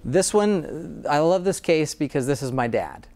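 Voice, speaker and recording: A man's voice: on the high side, animated, a little slow, a little mellow. A man speaking as a dentist guest in an interview, earnest and enthusiastic, often restarting his sentences. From Utah, USA. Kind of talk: interview conversation.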